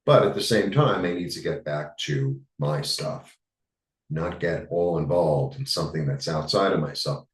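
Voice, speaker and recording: Deep-voiced New York man, rambling. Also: roomy sound, far from the mic, rough recording. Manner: rambling, halting, many fillers. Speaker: tarot reader. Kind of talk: casual spiritual monologue.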